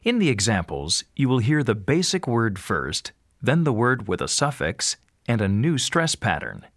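A man giving scripted instructions in a pronunciation lesson, slow and carefully enunciated. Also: mid-range voice, very animated, fairly bright tone, no room sound, studio quality.

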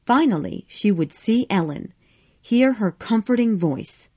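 A woman reads a storybook aloud at an unhurried pace. Her pitch rises and falls a lot, in a low, mellow voice. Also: dry recording. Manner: expressive, measured. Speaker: narrator. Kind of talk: storybook narration.

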